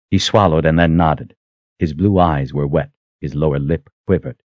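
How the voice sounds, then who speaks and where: Deep-voiced man narrating an audiobook. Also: steady tone, normal speed, no room sound, highs cut off. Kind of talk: scripted narration.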